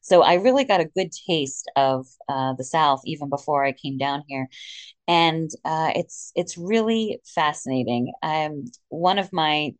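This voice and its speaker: A woman's voice: low voice, lively intonation, measured pace, dry recording. A woman in her thirties from the Philadelphia suburbs, a rabbi chatting in an interview with frequent fillers. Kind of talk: conversational interview.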